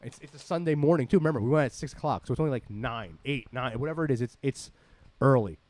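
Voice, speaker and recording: A man casually telling a rambling, animated story full of swearing, as a podcast host. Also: mid-range voice, fast.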